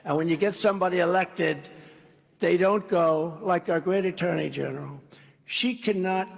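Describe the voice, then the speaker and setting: A man's voice: sits high, creaky, slightly rough. A man giving a rambling, off-script campaign speech at a large rally, acting out dialogue as he goes. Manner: rambling, repetitive, acts out dialogue. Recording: long reverb of a big hall.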